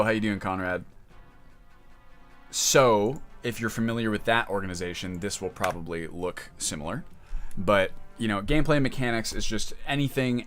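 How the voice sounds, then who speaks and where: A man with a lowish voice chats casually on a livestream, rambling from thought to thought and often trailing off mid-sentence. His talk turns openly emotional. Soft music plays quietly behind him. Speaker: streamer. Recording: music playing in the background.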